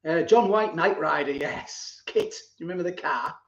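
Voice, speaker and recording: A man with a fairly high voice and moderate pace hosts a casual live stream, reading viewer comments aloud and laughing often as he reminisces. The audio is roomy and slightly dull.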